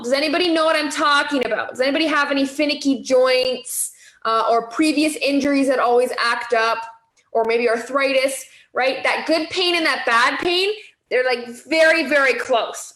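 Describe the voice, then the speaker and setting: A high-pitched woman coaches a group through weight loss in an easy, chatty way. She keeps asking "okay?" and "right?" to check that everyone follows. Her voice rings in an echoey room. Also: moderate pace, a bit bright.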